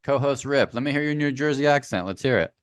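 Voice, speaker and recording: A man's voice: medium pitch, fast talker, clear, resonant tone, no echo. A man co-hosting a podcast in casual chat, riffing loosely with slang and the odd swear word. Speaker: podcast co-host.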